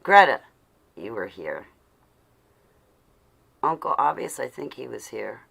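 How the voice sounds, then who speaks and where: A woman's voice: very deep voice, very animated, takes it slowly, creaky, slightly rough. A woman hosting a casual livestream, chatting to her viewers and muttering to herself as she looks for something. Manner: flustered, talks to herself while searching; affectionate shout-outs to viewers. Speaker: livestream host.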